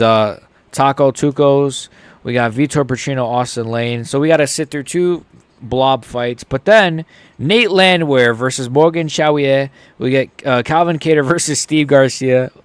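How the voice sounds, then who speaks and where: A young man hosting a casual live reaction stream. He swings between mumbled asides and loud, excited outbursts. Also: medium pitch, dry recording. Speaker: host.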